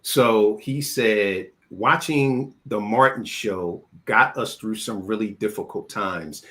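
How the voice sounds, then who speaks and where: A man's voice: on the low side, takes it slowly, pushed and bright. A man hosting a film interview, chatting casually and telling stories, often repeating words as he starts a sentence. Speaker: interview host.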